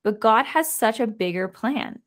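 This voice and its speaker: A young adult woman, a daughter appearing as a podcast guest, shares reflective, earnest thoughts on faith and family, using "like" a lot. Her voice is on the high side, with lively intonation and an unhurried pace.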